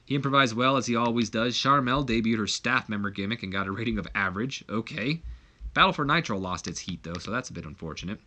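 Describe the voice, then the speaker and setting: Male gaming narrator, casual chatty recap delivery, bright tone. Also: on the low side, animated, fast talker. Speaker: video game commentator. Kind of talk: casual game playthrough narration.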